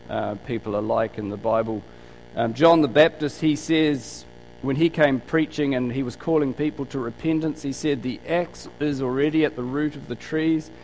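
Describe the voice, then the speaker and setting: A man's voice: mid-range voice, a little mellow, slight background noise, rough recording. A man preaching a conversational sermon, telling stories and asking rhetorical questions. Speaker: pastor.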